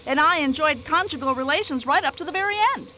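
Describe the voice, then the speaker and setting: A brash older American widow. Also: female voice, high voice, animated, quick pace, bright, forceful tone, slight background noise. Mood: gossipy. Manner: indignant, nosy, fussy complaining chatter. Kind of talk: video game voice acting.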